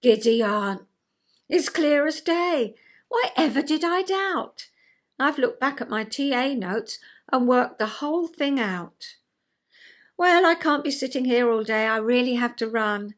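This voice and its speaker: A woman's voice: sits high, expressive, a little slow. An older woman vlogger with a chatty, self-mocking manner, reading a rhyming poem and then talking about herself.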